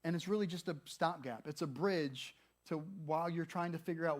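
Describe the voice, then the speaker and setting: A man in his thirties delivers a sermon in a chatty, playful way. His voice sits a bit high for a man. He slips into little acted-out voices for people's thoughts. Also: brisk, hardly any pauses. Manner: conversational and humorous, acts out quoted thoughts. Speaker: pastor.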